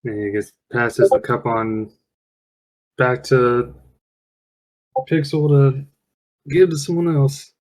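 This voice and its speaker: A man's voice: mid-range voice, slow pace, long pauses, poor audio. A man playing a tabletop game over online voice chat, casually describing his character's actions in third person. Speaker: player.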